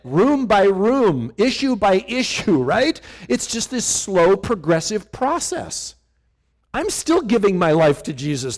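A middle-aged male pastor preaching a conversational sermon, often asking his listeners questions. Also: high-pitched. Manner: animated, conversational, asks the congregation questions.

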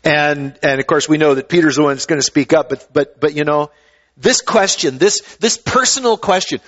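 A man's voice: on the high side, normal speed, a bit bright, highs cut off. A man preaching a sermon in a conversational way, often repeating words as he starts a thought. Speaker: pastor.

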